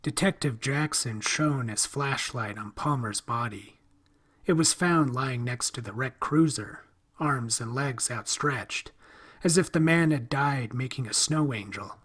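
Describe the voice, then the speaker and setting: Slow, hushed male horror narrator. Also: mid-range voice, breathy edge.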